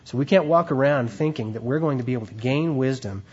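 In a muffled recording, a man with a husky, slightly mellow, medium-pitched voice delivers a sermon at a fast clip. Reading scripture out loud, he unpacks it in a conversational style peppered with "right?" and "okay?"

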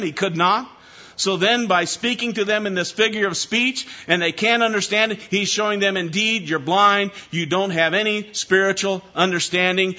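Guy preaching a verse-by-verse sermon, high bright voice, pretty emphatic, kinda dull lo-fi sound. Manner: emphatic, addresses listeners as beloved, asks for amens. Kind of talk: expository sermon.

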